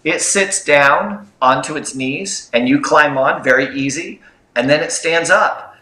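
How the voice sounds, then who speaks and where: A man co-hosting a livestream who tells lively anecdotes in a casual, chatty way. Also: fairly high pitch, a little slow, reverberant, low-quality recording. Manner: animated anecdotal storyteller. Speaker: co-host of a film livestream. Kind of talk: livestream storytelling chat.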